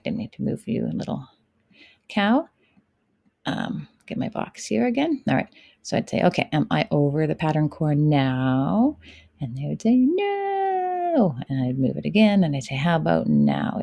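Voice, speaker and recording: A woman teacher explains her online lessons step by step in a chatty tutorial. Her voice sits low and mellow with a gravelly edge. The sound is dry and close, as if recorded at a home computer. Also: dry recording. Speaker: kindergarten teacher. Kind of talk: tutorial walkthrough.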